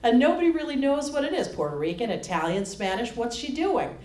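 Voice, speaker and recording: A woman cabaret singer chatting with the audience between songs in a public library performance space, telling an animated story with wry questions to the crowd. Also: fairly high pitch, fairly quick, recorded from a distance. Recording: echoey room, loud piano. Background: piano accompaniment.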